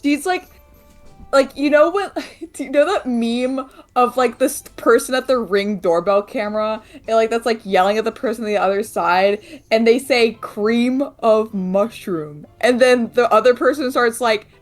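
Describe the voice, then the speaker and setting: A woman's voice: a little high, normal speed, faint music behind. Chatty woman tabletop player. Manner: chatty, filler-heavy. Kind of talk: casual tabletop game play.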